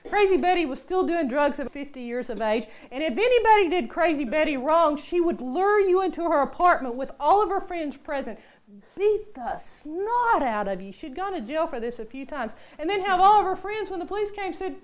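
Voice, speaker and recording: A woman's voice: sits high, fairly quick. A woman preaching a storytelling sermon, acting out the people she quotes. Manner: animated storyteller, acts out quotes.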